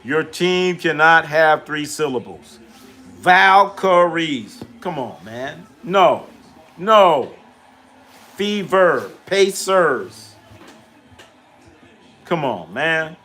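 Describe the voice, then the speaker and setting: A man's voice: fairly high pitch, very animated, very slow, pauses often, bright, forceful tone. A middle-aged man hosting a casual live stream, trash-talking, repeating himself and answering chat questions aloud.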